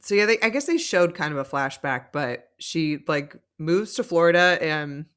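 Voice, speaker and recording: Speaking at normal speed in a smooth, low-pitched voice, a podcast co-host recaps reality TV. Her talk is casual and animated, packed with "like" and frequent laughter.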